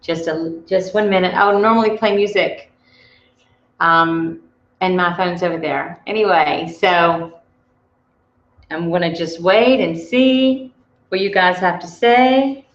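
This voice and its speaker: A woman's voice: on the low side, slow. A woman leading a motivational workshop, telling personal stories in a chatty way with frequent restarts. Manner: chatty, storytelling, restarts often. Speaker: workshop leader. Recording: roomy, dull audio.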